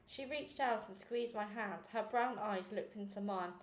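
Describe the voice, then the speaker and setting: A woman reading a children's novel aloud, with small slips and restarts, raising her pitch for the girls' quoted lines. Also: fairly even intonation, unhurried. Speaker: reader. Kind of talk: read-aloud book narration. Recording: echoey room with faint noise.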